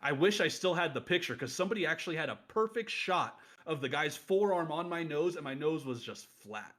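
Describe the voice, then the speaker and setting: A man's voice: a little high, expressive, fairly quick, fairly bright tone. Laughing, rambling man in his late thirties. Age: late 30s. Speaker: podcast co-host, former wrestler. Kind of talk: casual storytelling chat.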